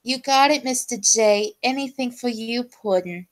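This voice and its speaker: A playful comic-book villainess done by a woman, cooing her lines in a coy drawl. The voice climbs well above the performer's own and turns soft and teasing. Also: a little high, a little slow, pitched above the performer's own voice, lightly acted. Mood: flirty.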